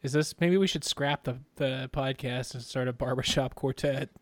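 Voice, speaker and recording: A man's voice: medium pitch, normal speed, no room sound. A man co-hosting a podcast in casual chat, rambling and trailing off while giggling. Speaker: podcast co-host.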